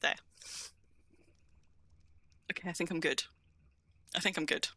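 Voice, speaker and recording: A woman from southern England chats through a game stream, rambling and poking fun at herself. Her voice is bright and forward in tone. She is recorded dry and close. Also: on the low side, fairly even intonation, measured pace, long pauses, no room sound. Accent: southern English. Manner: chatty, self-mocking, rambling. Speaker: streamer, co-host. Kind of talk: casual gaming chat.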